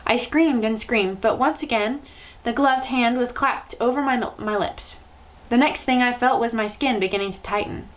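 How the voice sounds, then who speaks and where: Woman reader, children's story, dramatic and expressive, slightly high voice. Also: rough recording. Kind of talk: reading a children's novel aloud.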